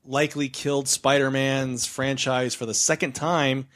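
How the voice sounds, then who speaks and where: A man's voice: mid-range voice, little pitch movement, a little slow, a bit bright. A man co-hosting a movie podcast in casual chat, making dry, sarcastic asides. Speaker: podcast co-host, film critic.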